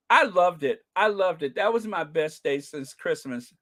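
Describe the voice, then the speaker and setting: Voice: mid-range voice, expressive, moderate pace, hardly any pauses, fairly bright tone. A channel host giving casual, scornful commentary, reading comments and news items aloud and often breaking into laughter.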